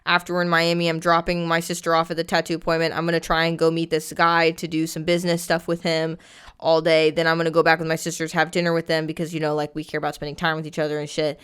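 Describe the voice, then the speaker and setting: A woman co-hosting a laid-back fitness podcast, her voice smooth and clear and pitched fairly low. She talks in quick, excitable bursts, laughs easily and swears casually. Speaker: podcast co-host, personal trainer. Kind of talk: casual chat.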